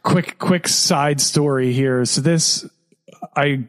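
A man co-hosting a podcast, spinning a long story with plenty of energy. His voice sits a little high, and he slips into other people's voices as he tells it, laughing along the way. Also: slow. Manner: animated storyteller, acts out quotes, laughs often. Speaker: podcast co-host. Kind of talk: casual podcast chat and storytelling.

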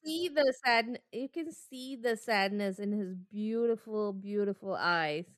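A woman's voice: medium pitch, a little slow, no echo. A woman around forty co-hosting a podcast, chatting casually, agreeing often and giggling. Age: 40s. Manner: agreeable, giggly, lots of yeahs. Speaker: podcast co-host. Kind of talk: casual chat.

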